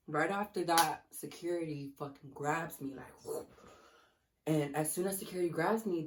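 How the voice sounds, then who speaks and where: Profane, animated young woman telling a story. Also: deep voice, a little hiss or hum. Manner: profane, animated, acts out quotes. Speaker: vlogger. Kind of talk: casual storytelling while eating.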